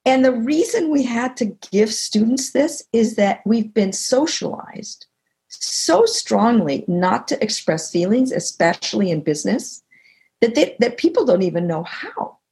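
Older lady, gravelly voice, reflective, tells stories in an interview, lively when she quotes people. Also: on the high side, measured pace. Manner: reflective, tells anecdotes, animated when quoting others. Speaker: guest author and teacher. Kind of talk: conversational interview. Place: video call.

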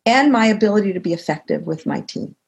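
A creaky, medium-pitched voice at a quick pace belongs to an older woman, a guest author and teacher, interviewed over video call. She speaks reflectively and conversationally, shares anecdotes, and gets animated quoting others.

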